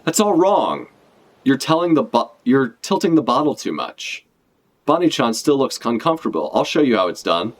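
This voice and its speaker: A man's voice: mid-range voice, big pitch swings, moderate pace, voice pushed up. A man voicing a fussy, bossy old caretaker. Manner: scolding, instructive, read aloud from a comic.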